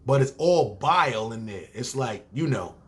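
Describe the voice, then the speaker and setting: Ny guy in his 30s spinning a story on his pod, slangy and cussing, easygoing mid-pitched voice. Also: animated, moderate pace, a little hiss or hum. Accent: New York. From New York. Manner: laid-back street slang, profane. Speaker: podcast host. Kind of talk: casual storytelling.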